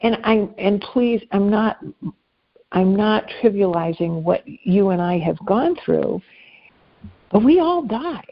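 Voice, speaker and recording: A woman life coach talking in a casual interview, animated and self-deprecating, often restarting her sentences. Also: medium pitch, slow, dull audio.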